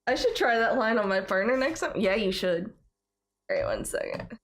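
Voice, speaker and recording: A woman's voice: medium pitch, sing-song, moderate pace, a little hiss or hum. A woman with a Southern US accent chatting casually while streaming a video game. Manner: chatty, giggly, reading dialogue aloud. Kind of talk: casual let's-play commentary.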